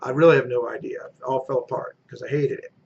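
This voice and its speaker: A man's voice: medium pitch, fairly even intonation, fast talker, gravelly, a little mellow, breathy edge, highs cut off. A man giving a motivational sales coaching talk. He is emphatic, repeats his key phrases and acts out short role-play exchanges. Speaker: real estate team recruiter.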